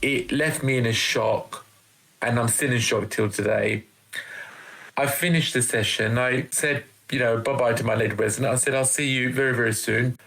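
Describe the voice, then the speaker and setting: A man's voice: medium pitch, fairly even intonation, normal speed, fairly bright tone, poor audio. A man dramatically telling his own ghost story, sent in as a recording. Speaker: caller sharing a ghost story.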